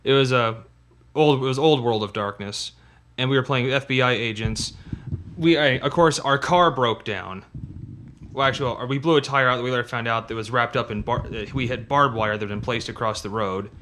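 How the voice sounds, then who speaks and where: Bright-voiced man chatting about horror games. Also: mid-range voice, a little fast, a little hiss or hum. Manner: rambling, with many restarts and fillers. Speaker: podcast co-host. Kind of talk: casual chat.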